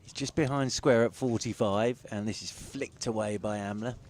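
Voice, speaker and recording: A man giving brisk, good-humoured ball-by-ball cricket commentary on radio. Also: fairly low pitch, fairly even intonation, a little mellow, a little hiss or hum.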